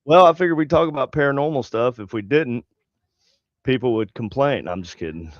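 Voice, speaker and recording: A man's voice: medium pitch, lively intonation, fairly quick, no room sound. A man hosting a casual paranormal podcast, talking in a joking, offhand way. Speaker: podcast host. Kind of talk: casual chat. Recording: dull lo-fi podcast audio.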